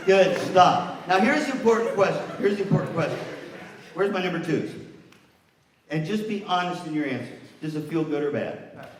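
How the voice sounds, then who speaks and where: A man presenting an energetic, interactive workshop, coaching an audience through a partner exercise. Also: a little high, moderate pace, a crowd in the background. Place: large hall with an audience. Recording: far-off echoey hall with room noise.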